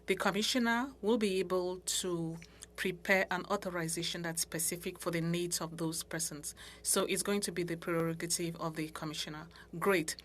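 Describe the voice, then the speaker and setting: A woman working as a simultaneous interpreter in a committee meeting, speaking in a measured, halting way with restarts. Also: lowish voice, steady tone, fairly bright tone. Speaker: interpreter voicing committee members. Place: committee room.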